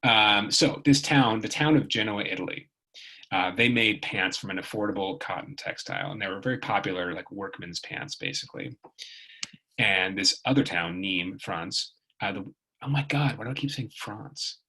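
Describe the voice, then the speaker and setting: A man gives a relaxed video lesson, rambling along with plenty of ums and restarts. His voice sits very low yet sounds bright and a little husky. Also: moderate pace, low-quality recording. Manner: rambling, chatty, many fillers and restarts. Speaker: tutor.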